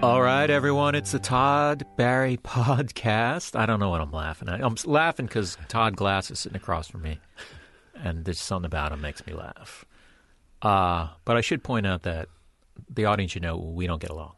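A man's voice: low voice, a little fast, creaky, a bit bright, dry recording. A man hosting a podcast in a loose, casual chat, laughing easily and poking fun at his own fears. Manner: giggly, self-mocking, anxious storyteller. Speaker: podcast host.

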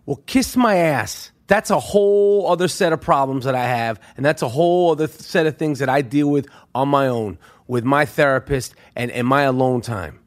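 A man's voice: medium pitch, a little fast, few pauses. A middle-aged man from New York who hosts a podcast, ranting about sports in a profane, worked-up comic way. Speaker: podcast host. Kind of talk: comedic sports rant.

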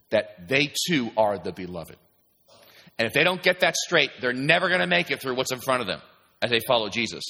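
Bright-voiced male pastor in a reverberant church. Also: medium pitch. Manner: conversational preaching with frequent "you know" and restarts. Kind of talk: sermon. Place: church sanctuary. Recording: long reverb from a church hall.

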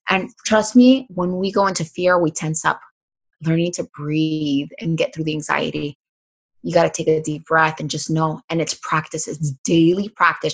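A woman speaking as a podcast guest in casual conversation, emphatic and upbeat, swearing freely. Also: low voice. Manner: lively, varies between calm and excited.

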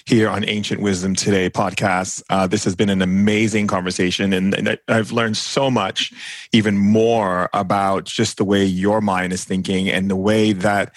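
Deep-voiced effusive male podcast host. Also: level tone, moderate pace, no room sound, studio quality. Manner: effusive, gushing praise. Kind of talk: warm interview wrap-up.

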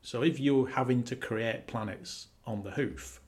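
A man co-hosting a podcast, dry and teasing, explaining his points with measured pauses. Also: mid-range voice, darkish tone. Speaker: podcast co-host. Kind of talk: casual podcast chat.

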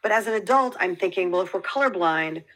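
A woman with a New York accent, a podcast guest talking in an earnest, animated way. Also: on the low side, fast talker, low-quality recording. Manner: earnest, animated, laughs easily. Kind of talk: casual chat.

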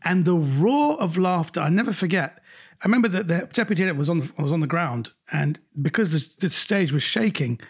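A middle-aged man from England, an actor guest telling lively anecdotes in casual conversation. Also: on the high side, a little fast, breathy edge. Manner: lively, animated storyteller.

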